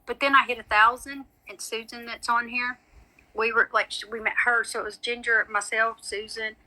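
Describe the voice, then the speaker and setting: A woman's voice: fairly high pitch, level tone, normal speed, sharp tone, low-quality recording. A woman, chatting casually with her livestream viewers as a psychic medium, rambling on and calling them honey and sweetie.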